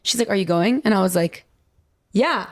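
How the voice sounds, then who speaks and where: A woman's voice: medium pitch, fast. Chatty young woman podcast host. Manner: animated storytelling, acts out quotes, says "like" a lot. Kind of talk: casual chat.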